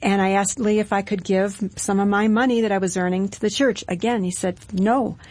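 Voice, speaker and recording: A woman's voice: mid-range voice, fairly even intonation, brisk, darkish tone. Woman plainly recounting her testimony. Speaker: guest. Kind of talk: personal testimony in an interview.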